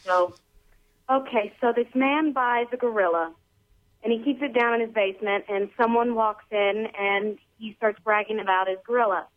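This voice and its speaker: A woman's voice: a little high, fairly even intonation, moderate pace. A woman calling in by phone, telling a long joke in a casual, rambling way full of slang. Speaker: caller. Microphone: telephone. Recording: thin phone line.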